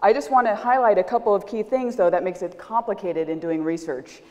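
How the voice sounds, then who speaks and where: Animated woman lecturing in a reverberant hall. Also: medium pitch, brisk, highs cut off. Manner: animated, addresses the audience. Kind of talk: public lecture with storytelling.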